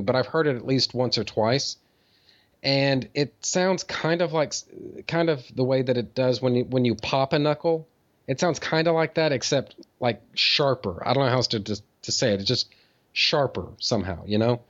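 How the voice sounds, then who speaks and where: A man's voice: medium pitch, normal speed, a bit bright. Rambling man telling a story, lo-fi audio. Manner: rambling, swears freely, many fillers and restarts. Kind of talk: casual storytelling chat. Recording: dull lo-fi audio.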